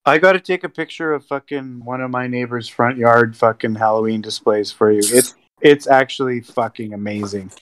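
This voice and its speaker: A man's voice: medium pitch, normal speed, hardly any pauses, dry recording. A man bantering with friends, teasing them, laughing often and swearing heavily. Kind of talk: casual profane banter.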